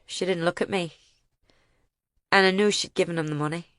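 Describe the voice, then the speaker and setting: A grieving older farmer , as a woman reads him recounts that day in plain, halting dialect. The voice is lowish and the recording is dry and close. It is an audiobook reading. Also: fairly even intonation, no room sound, close to an everyday voice. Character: grieving older male farmer telling of a bombing.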